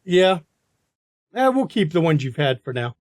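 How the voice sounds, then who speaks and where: A man with a fairly high voice runs a tabletop game, narrating in a relaxed way with plenty of fillers. The sound is dry and close. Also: measured pace, no room sound. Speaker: game master.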